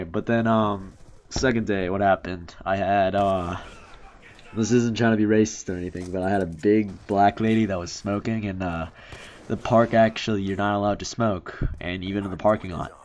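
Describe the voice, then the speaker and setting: A man's voice: on the low side, fairly even intonation, normal speed, a little mellow. A young man telling stories in a casual, rambling commentary, full of fillers and restarts. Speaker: commentary youtuber. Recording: faint background noise.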